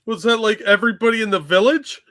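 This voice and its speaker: A man with a fairly high, sharp, bright voice trades remarks on a casual political chat show. His comments are dismissive and sardonic, and his delivery is quick and offhand. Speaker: show co-host.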